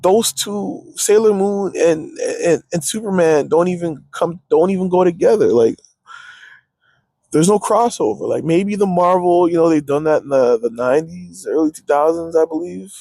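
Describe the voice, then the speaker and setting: A man's voice: a little high, normal speed, vocal fry, warm tone, dry recording. A young man hosting his own show, chatting loosely from his parked car, cutting himself off, joking and swearing as he talks. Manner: loose, self-interrupting, swears and jokes. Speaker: podcast host. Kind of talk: casual rambling commentary.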